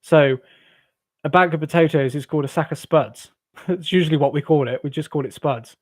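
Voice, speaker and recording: A jovial man from England hosts a casual late-night livestream, rambling loosely with viewers, reading their chat and laughing often. His slightly high voice is fairly quick and a little mellow, recorded close and dry with no room sound.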